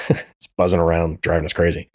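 A man's voice: low voice, monotone, a little fast. A man hosting a podcast, ranting in casual chat, swearing freely and stumbling over repeated words. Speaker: podcast host.

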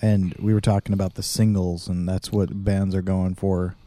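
A man's voice: sits low, little pitch movement, moderate pace, dark tone, no room sound. A man co-hosting a podcast in casual chat, rambling and correcting himself as he talks. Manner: rambling, self-correcting, loose. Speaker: podcast co-host.

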